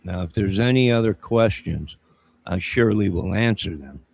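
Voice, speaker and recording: Gravelly deep-voiced man, preachy and indignant. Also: expressive, moderate pace, a little mellow. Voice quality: gravelly husky voice. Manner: indignant, preachy, confrontational, keeps saying 'sir'. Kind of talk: rambling live-stream monologue.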